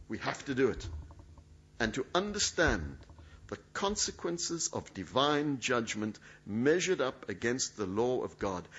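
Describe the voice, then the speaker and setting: A man's voice: medium pitch, fairly bright tone, husky. A male preacher, preaching a sermon in an emphatic, dramatic way. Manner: emphatic, dramatic, acts out quoted speech. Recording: dull lo-fi sound.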